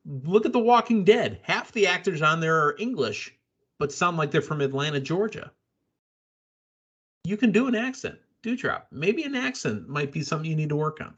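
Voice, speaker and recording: A man's voice: fairly high pitch, very animated, moderate pace, a bit bright, slightly rough, dull audio. A man hosting a casual wrestling podcast, blunt and opinionated, rambling through his takes. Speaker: podcast host.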